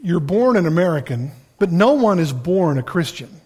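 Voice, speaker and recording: Older man, sermon, folksy storytelling, slightly high voice. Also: big pitch swings, normal speed, a little mellow, slightly rough. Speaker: preacher. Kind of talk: sermon with personal stories.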